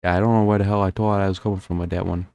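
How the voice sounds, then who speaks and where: A man's voice: deep voice, level tone, racing, gravelly, a little mellow, no echo, dull audio. A young man with a New Jersey accent doing live-stream gameplay commentary, rambling and thinking aloud with lots of fillers.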